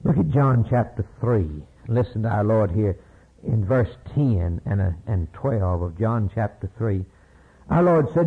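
A man's voice: lowish voice, lively intonation, a little slow, slightly rough. A man preaching a sermon with emphatic repetition, retelling scripture stories and quoting verses. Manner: emphatic, repeats key phrases, retells scripture with acted voices. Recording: phone-like lo-fi sermon recording.

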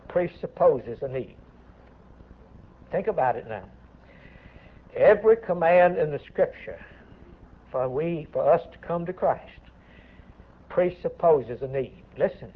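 Preacher guy going from hushed to loud, kinda high voice, sounds like an old phone-line tape. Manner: impassioned, swings between hushed and rising emphasis. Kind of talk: sermon. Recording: tinny phone-like recording.

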